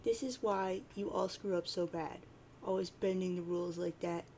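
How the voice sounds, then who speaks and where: Woman reading as a smug blind troll girl, gravelly. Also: fairly low pitch, steady tone, normal speed, dark tone, slight background noise, natural voice. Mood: teasing. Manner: reading chat lines aloud in a near-plain voice.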